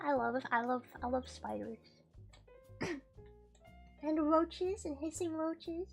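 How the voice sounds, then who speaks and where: A woman's voice: high-pitched, animated, takes it slowly, creaky, faint music behind. A woman streaming a game, chatting casually, swearing freely and laughing often. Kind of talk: casual gaming stream chat.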